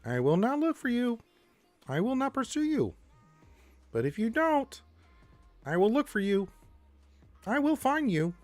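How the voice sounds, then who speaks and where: A man voicing a nasal, high-pitched frog puppet as a comic impression on a live stream, with a strained falsetto tone. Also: very animated, measured pace, pauses often, no room sound, faint music behind, exaggerated voice. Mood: menacing.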